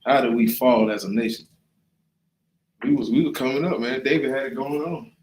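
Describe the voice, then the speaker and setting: A man's voice: medium pitch, moderate pace, darkish tone, echoey room, a little hiss or hum, rough recording. A man leading a casual Bible class, talking loosely and often checking in with the listener. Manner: conversational, often asks "right?" and "you know what I'm saying?". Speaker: class leader.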